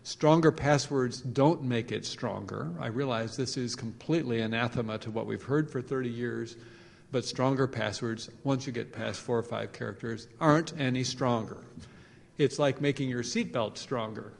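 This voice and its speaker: A man giving a conference presentation, animated, with joking asides and phrases repeated for emphasis. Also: mid-range voice, moderate pace, vocal fry. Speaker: conference speaker. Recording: long reverb of a large hall.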